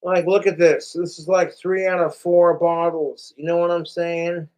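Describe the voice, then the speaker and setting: A man's voice: a little high, flat delivery, a little slow, a little mellow, rough recording. Profane rambling livestreamer man. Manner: profane, rambling, talks to chat. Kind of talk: casual livestream rant.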